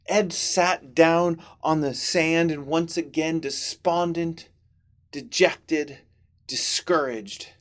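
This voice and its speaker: A man narrating a Bible story for children, telling it in a dramatic, expressive way with big swings in delivery. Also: a little high. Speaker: children's ministry teacher.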